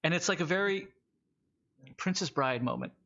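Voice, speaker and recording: Man running a tabletop game, slightly high. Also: moderate pace, vocal fry, dull audio. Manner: relaxed, plain-spoken scene narration. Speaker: game master.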